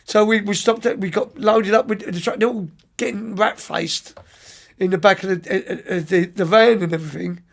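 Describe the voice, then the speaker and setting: As a podcast guest in an interview, a middle-aged youth soccer coach tells lively, rambling anecdotes, frequently restarting and repeating words. His voice is high and creaky, at a moderate pace.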